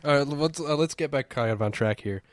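A man's voice: fairly high pitch, brisk, no echo, studio quality. A man hosting a podcast, chatting and joking with friends in a goofy way. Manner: goofy, jumps into silly voices. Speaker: podcast host. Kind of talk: casual comedy podcast banter.

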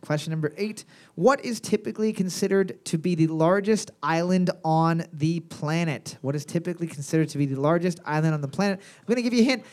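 Young guy running a pub quiz, fairly high voice, crude jokes, reads every question twice. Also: a little mellow. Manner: crude joking, repeats questions slowly. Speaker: trivia quiz host. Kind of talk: live pub quiz hosting on mic.

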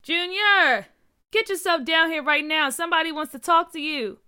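Woman voicing loud neighborhood mom, storybook figure, calling out, bright tone. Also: high-pitched, very animated, unhurried, pitched above the performer's own voice, exaggerated voice. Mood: scolding. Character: neighborhood mom, friendly but sharp.

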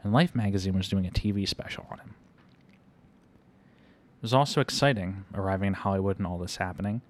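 A man reading a first-person story aloud in an unhurried, conversational storytelling manner. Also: deep voice, steady tone. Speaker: reader.

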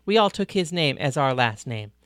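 A reader voicing Paris, a blunt, warm woman from a ranch, in an audiobook. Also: mid-range voice, sing-song, moderate pace, dry recording, studio quality. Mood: chatty. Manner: breezy, teasing, plain-spoken. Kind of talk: audiobook reading.

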